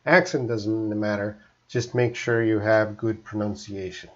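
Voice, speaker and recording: A man's voice: lowish voice, level tone, unhurried, a bit bright. A middle-aged Canadian man with a Canadian accent, giving a live-streamed English lesson and chatting through viewers' questions. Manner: chatty and explanatory, often answering viewers' questions. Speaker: English teacher. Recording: slightly dull lo-fi live stream audio.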